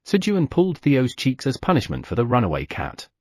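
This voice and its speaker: A man narrating an audiobook, telling the story with lively sound effects. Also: medium pitch, fairly quick, no room sound, clean studio sound.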